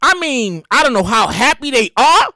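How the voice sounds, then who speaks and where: Animated, slangy New woman. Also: high-pitched, normal speed, dry recording. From New York. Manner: animated, slangy, acts out quoted voices. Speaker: commentator. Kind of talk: casual news commentary.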